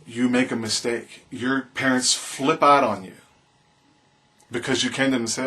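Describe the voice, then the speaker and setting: A man talks straight to his camera in a homemade opinion vlog. His voice sits at an ordinary middle pitch. He sounds impassioned and preachy, circling back to the same urgings. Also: moderate pace, a bit bright. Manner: preachy, impassioned, repetitive appeals. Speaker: vlogger. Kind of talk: earnest opinion monologue to camera.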